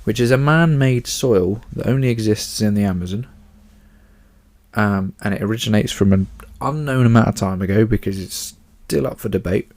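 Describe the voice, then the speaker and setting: A man's voice: fairly low pitch, normal speed, darkish tone. A man hosting a casual solo podcast, chatty and rambling, swearing offhandedly and fighting off yawns. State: yawning. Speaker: podcast host.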